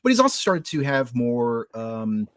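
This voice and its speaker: A man's voice: medium pitch, very animated, a little slow, dry recording, clean studio sound. A man co-hosting a podcast, explaining a topic in an easygoing way, with many restarts. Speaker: podcast co-host. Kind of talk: casual podcast chat.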